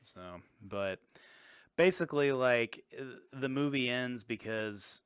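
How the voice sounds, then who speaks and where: Profane rambling podcast co-host, dry sound. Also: male voice, medium pitch, slow pace, clean tone, dry recording. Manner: rambling, profane, filler-heavy retelling. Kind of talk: casual movie-recap chat.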